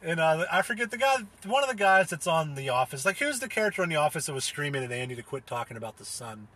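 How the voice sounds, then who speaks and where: Fast and sing-song, this young man's slightly high, husky voice has a bright edge as he talks on his own about a comedy show. His delivery is loose and unscripted, packed with fillers and restarts, with laughter and plenty of swearing.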